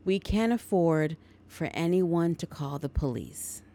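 A protective young mother holds her husband back with a string of firm, quick refusals, as a woman podcaster puts her on. The voice stays near the teller's own, marked only by its urgent firmness. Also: on the low side, lively intonation, mellow.

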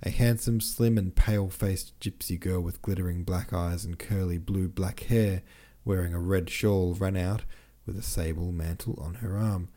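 Deep, mellow male audiobook narrator. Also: fairly even intonation, normal speed, few pauses. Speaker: audiobook podcast host. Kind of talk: scripted narration of a classic novel.

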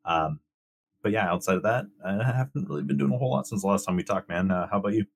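A young man co-hosting a casual chat, relaxed and hesitant, with many ums and uhs. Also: sits low, fast talker, slightly rough, no echo. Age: young adult. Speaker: co-host.

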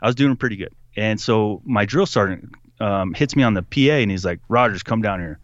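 A young man telling a story in casual conversation, animated, putting on voices for the people he quotes and laughing often. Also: on the low side, fairly quick, dry recording, dull audio. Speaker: podcast guest.

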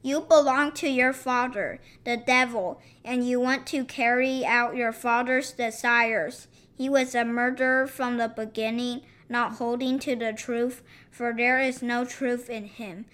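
A woman reading scripture aloud in a measured, even way. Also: fairly high pitch, clear, resonant tone. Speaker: scripture reader.

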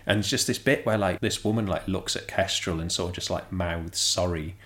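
A young man, his voice sitting on the low side. He talks through a book in a relaxed, conversational way and slips into little acted-out quotes as he retells scenes. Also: normal speed. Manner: animated storytelling, acts out quotes. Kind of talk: casual book discussion.

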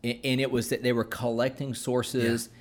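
A man's voice: medium pitch, little pitch movement. A man in casual conversation, explaining at an easy pace with frequent fillers and restarts, like a co-host teaching on a talk show. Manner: unhurried, with many fillers and restarts. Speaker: podcast co-host explaining scripture.

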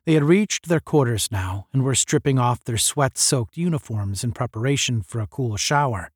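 A man narrating a science-fiction novel in a measured storytelling manner. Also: medium pitch, animated, husky, no room sound, studio quality. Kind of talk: audiobook narration.

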